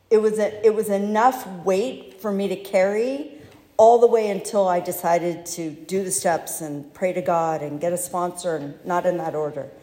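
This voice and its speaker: A woman telling her own recovery story in a candid, halting, self-deprecating way, recorded in a large hall. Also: medium pitch, mellow. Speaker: speaker sharing recovery story. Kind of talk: personal testimony talk. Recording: echoey hall.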